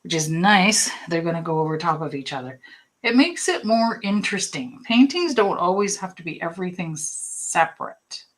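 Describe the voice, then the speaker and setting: A woman's voice: fairly low pitch, expressive, normal speed, rough recording. A woman leading a casual live painting lesson, chatty and reassuring, rambling through asides with plenty of ums and likes. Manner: reassuring, encouraging. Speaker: painting instructor.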